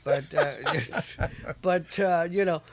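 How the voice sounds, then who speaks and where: A man's voice: on the high side, drawn-out words, a little hiss or hum. A man hosting a radio show, chatting loosely with a guest, interjecting and laughing. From New York. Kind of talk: casual interview chat.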